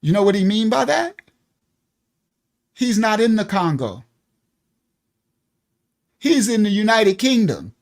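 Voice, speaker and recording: A man hosting a live stream, giving casual reaction commentary, animated and laughing often as he talks. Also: high-pitched, a little slow, pauses often.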